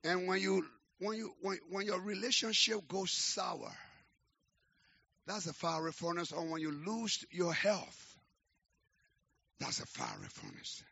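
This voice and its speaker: A middle-aged man, preaching a sermon as a pastor and telling his story with rising, shouted exhortation. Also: sits high, sing-song, unhurried, vocal fry, long pauses, husky. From Liberia. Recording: dull, lo-fi sermon recording.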